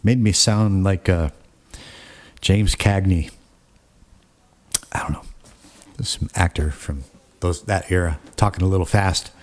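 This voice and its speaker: A man hosting a casual software tutorial, rambling through the steps with frequent fillers and self-corrections, recorded at his home computer setup. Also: low voice, unhurried, pauses often. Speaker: tutorial host.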